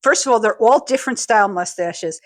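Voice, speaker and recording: A woman co-hosting a podcast, recorded very dry and close. She chats casually, chiming in with quick agreement and small corrections. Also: fairly high pitch, expressive, fairly bright tone, dry recording. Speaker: podcast co-host. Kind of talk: casual chat.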